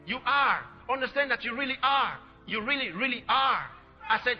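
A man preaching a fiery sermon, shouting and repeating phrases in bursts. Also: very high-pitched, fairly quick, over music. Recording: dull lo-fi sermon recording.

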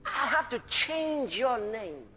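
Preacher, male, high sharp voice, fervent and shouting, lo-fi recording. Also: very animated, takes it slowly. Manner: fervent, laughing, bursts into shouts. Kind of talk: sermon. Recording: dull lo-fi recording with faint music.

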